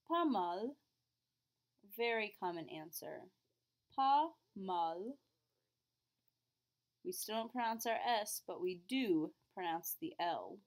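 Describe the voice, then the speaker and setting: A woman's voice: medium pitch, darkish tone. Woman teaching a French lesson. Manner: clear, patient explaining, exaggerated question intonation in examples. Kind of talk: classroom lesson.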